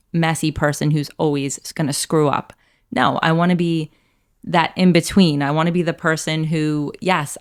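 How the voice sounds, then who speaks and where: A woman co-hosting a faith podcast, speaking in an earnest, reflective way and often affirming the others. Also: deep voice. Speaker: podcast co-host. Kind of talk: casual faith discussion.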